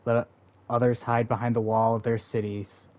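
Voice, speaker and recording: A man's voice: medium pitch, flat delivery, normal speed, a little mellow, lightly acted. A man reading aloud the lines of a proud, bitter forest seer who is a mother, in a stern, defiant, dismissive manner. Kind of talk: reading game dialogue aloud.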